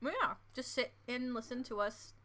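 A woman's voice: on the high side, fairly even intonation, normal speed, bright, forceful tone. An American woman co-hosting a comedy podcast, chatty and giggly with lots of fillers. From United States. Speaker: podcast co-host. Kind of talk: casual chat.

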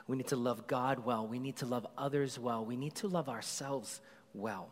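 A middle-aged man preaches in a relaxed, conversational way, talking to the congregation like he's chatting with friends. His voice sits at an ordinary pitch for a man and carries a long reverb from a big hall. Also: moderate pace. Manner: conversational storytelling, animated when excited. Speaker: pastor. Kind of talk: sermon.

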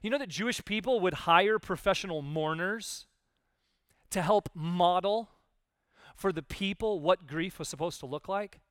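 Animated male pastor preaching a sermon. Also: sits high, measured pace, smooth, dry recording, clean studio sound. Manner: conversational, animated, acts out quoted voices.

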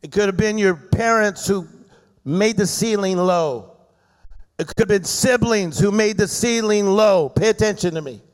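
A man's voice: high-pitched, unhurried. A middle-aged man preaching a fervent sermon at a church service, rousing the congregation with call-and-response. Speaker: guest preacher. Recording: echoey hall reverb.

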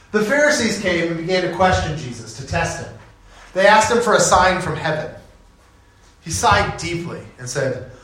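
Animated preacher, high and lively. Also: male voice, echoey room, low-quality recording. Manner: animated, conversational storytelling. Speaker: pastor. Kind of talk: sermon.

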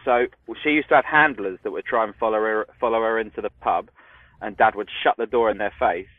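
A man with a London accent, a podcast co-host chatting casually and telling animated stories, acting out what people said. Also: fairly low pitch, brisk, no room sound. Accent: London English. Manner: animated storytelling, acts out quotes. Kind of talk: casual chat. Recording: tinny phone-like line, dry.

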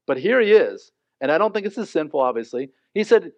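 Animated man preaching a sermon. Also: on the high side, fairly quick, hardly any pauses, dry recording. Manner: animated, joking, acts out the characters. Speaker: pastor. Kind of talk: sermon, verse-by-verse Bible teaching. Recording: dull, dry recording.

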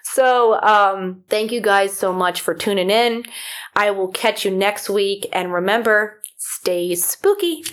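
A woman from Florida hosting a podcast in casual chat, rambling with many fillers, her voice a little rough from feeling unwell. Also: mid-range voice, slow pace. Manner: rambling, filler-heavy, self-deprecating. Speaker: podcast host.

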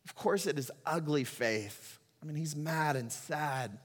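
A man's voice: on the high side, measured pace, in a large hall. A middle-aged man preaching a sermon as pastor, emotional and rising to impassioned cries as he reads scripture.

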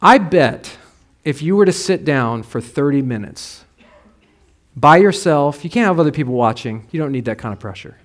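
A man's voice: a little high, expressive, moderate pace. Conversational man preaching a sermon. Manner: conversational preaching with personal stories, swings from soft to emphatic. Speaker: pastor.

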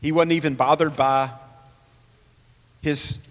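A man's voice: fairly high pitch, fairly even intonation, slow, in a large hall. A man preaching a sermon, earnest, asking rhetorical questions and reading scripture aloud. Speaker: pastor.

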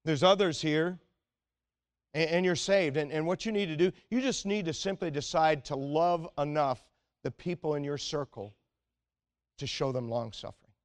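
Male pastor, fairly high voice, earnest sermon delivery that sinks to quiet urgency. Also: normal speed. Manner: earnest and exhorting, often dropping to a quiet, intense tone.

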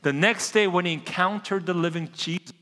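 Male pastor, high and bright, conversational sermon with a long church-hall echo. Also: fairly quick. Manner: casual, conversational preaching that addresses the congregation directly.

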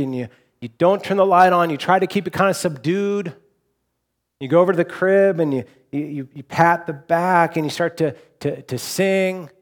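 A man in his forties preaching a sermon as a pastor. He speaks conversationally, repeats and restarts words, and swings between loud emphasis and hushed softness. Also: a little high.

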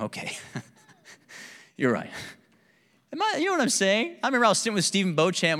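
A young adult male pastor preaching a candid, animated sermon with personal stories and laughter. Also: high-pitched, long reverb tail.

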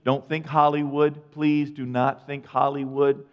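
A man preaching a sermon, reading scripture and retelling it in casual modern speech, swinging between loud and hushed. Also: on the high side, little pitch movement, a little slow, clean tone. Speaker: pastor. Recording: reverberant hall, muffled sound.

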